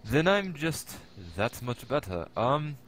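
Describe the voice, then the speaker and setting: A man's voice: mid-range voice, sing-song, slow pace, fairly bright tone. A man playing a tabletop game, joking and teasing the game master. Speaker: player. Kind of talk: casual chat at a tabletop game.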